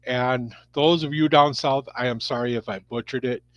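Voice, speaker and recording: A man's voice: mid-range voice, steady tone, normal speed, dry recording. A man from Minnesota hosting a livestream, reading Christmas poems aloud in a folksy, unpolished way and stumbling over words, heard through dull lo-fi stream audio. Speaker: livestream host reading stories.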